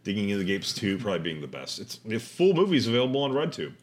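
A man's voice: on the low side, big pitch swings, fast. A man co-hosting a comedy podcast, giving blunt, profane opinions in casual chat. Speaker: podcast co-host.

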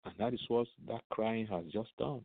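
A man's voice: on the low side, fairly even intonation, moderate pace, dry recording. A man teaching the Bible on radio, reading scripture aloud and asking rhetorical questions that he answers himself, often repeating words as he goes. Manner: reads scripture aloud with commentary. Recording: tinny phone-line sound, dry.

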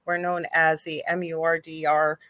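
Emphatic Canadian woman co-host, low dry voice. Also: normal speed, dry recording. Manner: animated, emphatic, repeats points. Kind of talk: casual live-stream chat.

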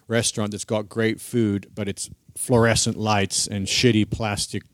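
A man with a fairly low voice reasons aloud on a podcast, hedging and trying ideas out as he goes. The recording is close and dry. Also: little pitch movement, measured pace, no echo. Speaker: podcast co-host. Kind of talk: casual chat.

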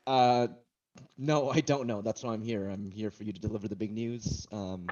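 A man's voice: on the low side, steady tone, moderate pace, a little mellow, dull audio. A man acting a confused patient in a comedy sketch, increasingly exasperated. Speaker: sketch actor playing a patient.

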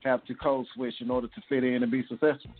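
A man's voice: mid-range voice, steady tone, fast. A man co-hosting a casual panel talk show, making his points through rhetorical questions. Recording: tinny phone-like line with faint music.

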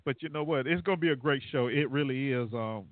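A man's voice: mid-range voice, fairly quick, dry recording. A man hosting a casual call-in talk show, rambling and laughing at his own jokes. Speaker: radio show host. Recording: dry, phone-like internet radio line.

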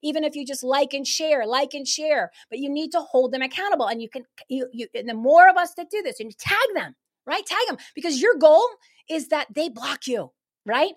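Woman, high voice, fired-up, emphatic, rapid talk-show guest. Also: expressive. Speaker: guest activist. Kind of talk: casual talk-show chat.

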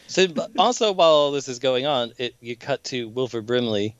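A man's voice: mid-range voice, lively intonation, normal speed, clean tone. A man chatting casually about a movie as a podcast co-host, easygoing and agreeable, chuckling often. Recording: dull lo-fi dry mic.

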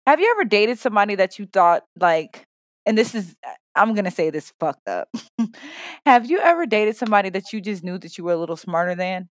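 A woman's voice: medium pitch, dry recording. A woman in her thirties co-hosting a podcast in casual chat, blunt and profane, repeating phrases for emphasis. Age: 30s. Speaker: podcast co-host.

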